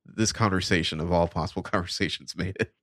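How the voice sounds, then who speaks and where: A man's voice: deep voice, fast, fairly bright tone, no echo, studio quality. A man co-hosting a podcast, casually recapping scenes in a laid-back, wry way and reading characters' lines without putting on voices. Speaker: podcast co-host recapping a show.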